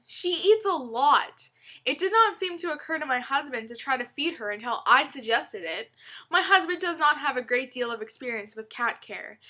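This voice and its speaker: Woman reading a funny blog post out loud, bright sharp voice, kinda high. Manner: playful, loosely acted reading. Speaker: reader.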